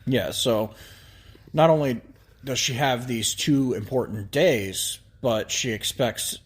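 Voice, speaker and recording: A man co-hosting a podcast in casual chat, easygoing and halting, with lots of fillers and restarts. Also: medium pitch, slightly rough. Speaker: podcast co-host.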